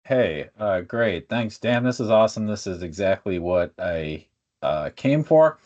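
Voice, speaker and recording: Low-voiced man asking a question. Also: expressive, unhurried, a little mellow, lo-fi sound. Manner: friendly, searching with fillers.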